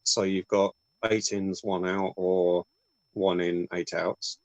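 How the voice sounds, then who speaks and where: A man on a video call explaining things casually, slowly and with hesitation. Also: deep voice, little pitch movement, no room sound, poor audio.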